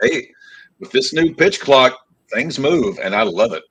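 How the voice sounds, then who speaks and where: A man co-hosting a sports podcast, relaxed, tossing in play-by-play updates between banter. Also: mid-range voice, measured pace, husky, rough recording. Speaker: podcast co-host. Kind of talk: casual sports chat with play-by-play calls.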